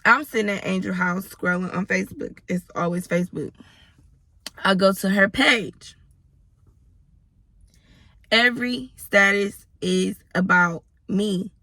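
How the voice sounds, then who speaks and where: A woman in her thirties telling an animated, profane storytime vlog, speaking straight to her viewers. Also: mid-range voice, a little slow, pauses often, dry recording. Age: 30s. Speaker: storyteller vlogger. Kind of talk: casual storytime.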